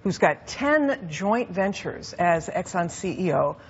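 Female commentator, lower register, pointed argumentative delivery, lo-fi broadcast sound. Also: sing-song, takes it slowly, slightly rough. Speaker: political commentator. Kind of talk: broadcast panel discussion. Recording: dull lo-fi broadcast audio with faint background.

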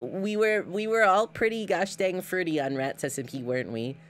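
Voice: medium pitch, normal speed, fairly bright tone. A streamer reacting to clips in casual livestream chat, rambling and giggling with lots of fillers and repeated words.

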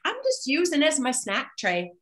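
A woman's voice: wildly swooping pitch, normal speed. A playful older mother with a lifted, sing-song voice, put on by a woman telling a story. She jokes lightly and teases. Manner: high, teasing and lighthearted.

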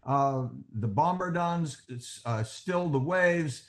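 Animated man explaining as a historian. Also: fairly high pitch, slow pace. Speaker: historian on a panel. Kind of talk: panel discussion.

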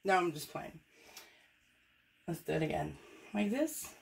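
A woman's voice: fairly low pitch, animated, a little slow, vocal fry, husky. A woman painter demonstrating fluid art, chatting in a joking, self-deprecating way and talking through each step as she works. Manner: talks through each step while working.

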